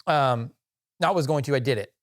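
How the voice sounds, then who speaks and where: A man's voice: medium pitch, normal speed. Rambling man telling a work story. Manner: rambling, lots of fillers and restarts, laughs at own story. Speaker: podcast co-host. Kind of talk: casual storytelling chat.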